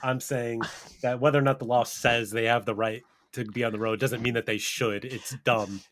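A man's voice: mid-range voice, fairly even intonation, normal speed, fairly bright tone. A man in a casual podcast chat with a mid-range voice. He argues heatedly and swears constantly, and he keeps breaking into laughter while he rants. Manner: profane, argumentative, laughs often. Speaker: podcast co-host.

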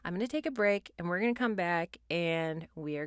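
A woman's voice: on the low side, a little fast, hardly any pauses, smooth, no echo, clean studio sound. A woman hosting her own podcast, ranting with sass and exasperation and swearing freely, then recapping a reality show in casual talk with mumbled asides. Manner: animated, sassy, exasperated ranting with frequent swearing. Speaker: podcast host.

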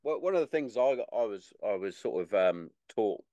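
A man's voice: on the low side, lively intonation, normal speed, warm tone, lo-fi sound. A man hosting a casual podcast interview, talking loosely and repeating words as he goes. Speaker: podcast host.

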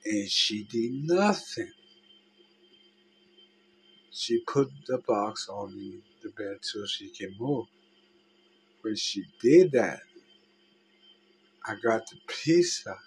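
A man telling a personal story in a halting, emotional way, with many restarts and trailing phrases. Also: fairly low pitch, animated, slightly rough, low-quality recording.

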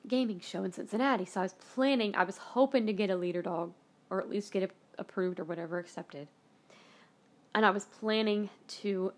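Emotional woman telling a personal story. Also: mid-range voice. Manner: emotional, near tears, whispering at soft moments; casual with swearing. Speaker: podcast host.

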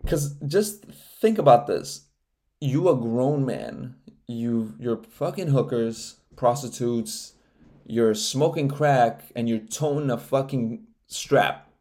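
A young man hosting a casual solo podcast, rambling with lots of swearing and frequent laughter, getting loud and animated when he gets worked up. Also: medium pitch, slow. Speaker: podcast host.

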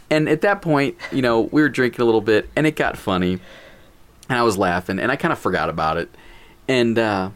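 A man's voice: medium pitch, a little fast. A man casually telling a funny story, acting out quotes and laughing as he talks. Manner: animated, acts out quotes, laughs while telling.

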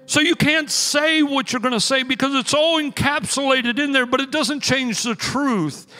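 A pastor preaching a sermon in a church, telling stories with energetic, emphatic bursts. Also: male voice, very high voice, normal speed. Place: church sanctuary. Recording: long hall reverb with faint music.

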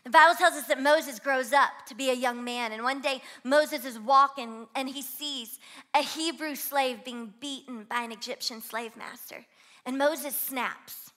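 A young woman from Louisiana with a Southern twang, preaching an energetic sermon as guest pastor and urging the congregation to join in. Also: high-pitched. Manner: energetic, exhorts the crowd to shout along. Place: church auditorium.

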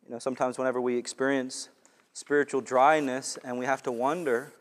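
A man preaching a sermon as pastor, conversational and animated, often repeating words as he goes. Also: medium pitch, brisk, big-room sound.

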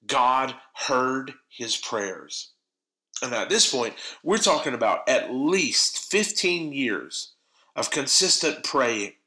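A man's voice: medium pitch, pushed and bright, roomy sound, poor audio. A man preaching a sermon, teaching in an earnest, emphatic way.

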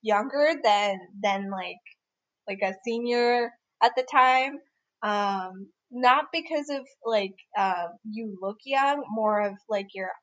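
A young woman co-hosting a casual podcast, chatting warmly about a friend, rambling with many fillers and restarts. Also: mid-range voice, slow, dull audio. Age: young adult. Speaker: podcast co-host. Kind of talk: casual chat among friends.

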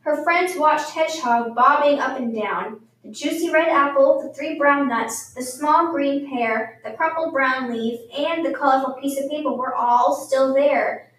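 A woman reading a picture book aloud for children at storytime in a lively, expressive way. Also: high-pitched, unhurried. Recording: very echoey room, mic far off.

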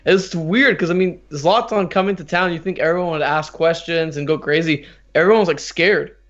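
A man's voice: a little high, fairly quick, fairly bright tone, highs cut off. A man co-hosting a soccer podcast in casual chat, rambling and repeating words, laughing as he talks. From United States. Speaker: podcast co-host.

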